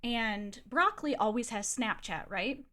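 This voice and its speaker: Young streamer girl telling a story, kinda high voice, super animated, swears a lot. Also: measured pace. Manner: animated, acts out quotes, swears freely. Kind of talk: casual storytelling.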